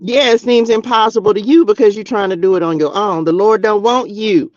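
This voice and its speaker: A man hosting a spiritual livestream, preaching casually and talking straight to his viewers in animated slang while reading tarot cards. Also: high voice, brisk, no echo, muffled recording. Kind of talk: casual preaching to a live chat. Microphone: streaming mic.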